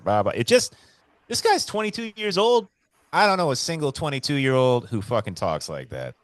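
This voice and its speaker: A man co-hosting a casual podcast, telling stories in an animated, profane way. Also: mid-range voice, moderate pace, dry recording. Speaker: podcast co-host.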